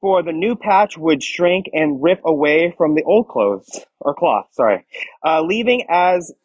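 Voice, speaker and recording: Young male youth pastor, high husky voice, playful, dry dull lo-fi recording. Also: lively intonation, a little slow, no echo. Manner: playful, joking with students, reads scripture aloud. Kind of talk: youth sermon. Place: church youth room. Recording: dull lo-fi sound.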